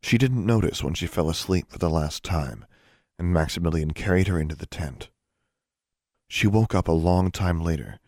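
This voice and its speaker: A man narrating an audiobook in a steady, even reading. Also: low voice, no room sound, studio quality. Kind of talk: scripted narration.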